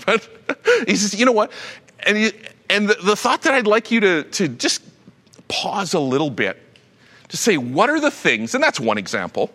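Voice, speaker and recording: A middle-aged man preaching a sermon with a bright, higher-than-usual voice. His pitch swoops widely as he talks through his points conversationally, restarting sentences as he goes. The sound carries a long reverb, as if from a large hall. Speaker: pastor.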